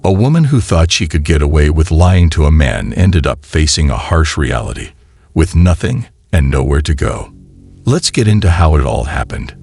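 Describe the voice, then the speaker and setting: Deep-voiced man, husky, wry commentary narrator. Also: very animated, moderate pace, darkish tone, dry recording. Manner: wry, moralizing asides. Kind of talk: reaction commentary.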